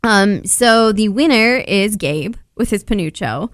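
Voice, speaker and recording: A woman hosting a casual podcast, retelling scenes in an animated way and often quoting people. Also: medium pitch, measured pace, no echo, clean studio sound. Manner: animated storytelling, quotes people a lot. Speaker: podcast host. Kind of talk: casual recap chat.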